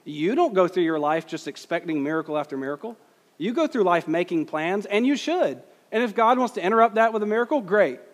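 A man's voice: sits high, animated, fairly quick, long reverb tail. A man preaching a conversational sermon as pastor, putting questions to the congregation.

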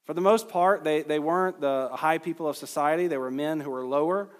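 A man preaches an expository sermon in an earnest, emphatic way. His voice sits somewhat high and climbs at the points he stresses. The sound carries a long reverb from the hall. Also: a little fast. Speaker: pastor.

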